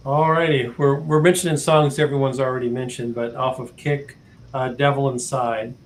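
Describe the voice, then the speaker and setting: A man's voice: medium pitch, flat delivery, moderate pace, a little hiss or hum, poor audio. A man on a casual music panel, thinking aloud in a chatty way, over a video call. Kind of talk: casual chat.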